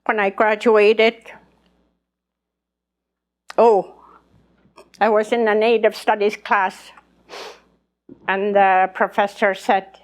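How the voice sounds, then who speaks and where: A woman's voice: medium pitch, flat delivery, slow, long pauses. An older woman, an elder speaking at a conference, telling her life story in earnest and acting out remembered conversations. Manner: earnest, acts out remembered dialogue. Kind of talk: personal storytelling testimony.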